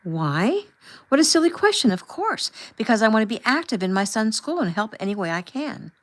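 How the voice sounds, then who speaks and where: A woman's voice: a little high, big pitch swings, moderate pace, no room sound, voice pushed up. A woman voicing a prim, self-important woman chaperone who talks in a flustered, defensive way in an audiobook.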